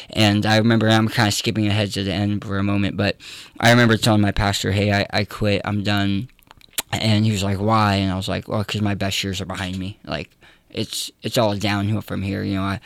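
A young adult man with a slight lisp, telling his story in an earnest, halting way as an interview guest. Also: lowish voice, creaky, a bit bright, smooth, no room sound. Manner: earnest, halting, many restarts. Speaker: guest, comedian and preacher.

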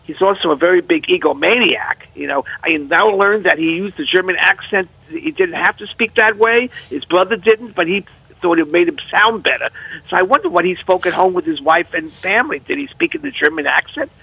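A man's voice: high-pitched, expressive, brisk, creaky, sharp tone, breathy edge, dry recording, poor audio. A man teaching at a university, answering interview questions in an earnest, explanatory way.

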